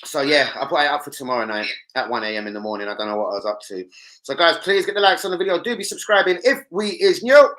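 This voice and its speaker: A young man, hosting a football live stream and chatting with his viewers in an animated, slangy and sweary way. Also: on the high side, fast, low-quality recording. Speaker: football livestream host. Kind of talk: casual live-stream chat.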